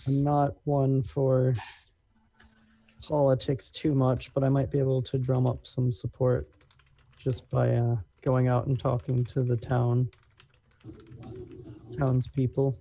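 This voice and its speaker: A man's voice: mid-range voice, monotone, takes it slowly, long pauses, warm tone, a little hiss or hum. A man playing in a tabletop game, speaking hesitantly as he thinks aloud. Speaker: player. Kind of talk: tabletop role-play.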